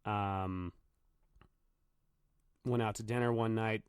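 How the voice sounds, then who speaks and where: Man host, casual profane storyteller, smooth clear tone, dry close sound. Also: on the low side, dry recording. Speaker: podcast host, bartender. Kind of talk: casual solo podcast monologue. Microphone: computer microphone.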